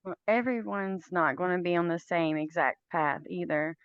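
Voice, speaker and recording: A woman hosting a podcast, chatting in a relaxed, easygoing way. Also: lowish voice, normal speed, clear, resonant tone, dry recording, muffled recording. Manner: relaxed, chatty, uses fillers. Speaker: podcast host. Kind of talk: casual podcast conversation.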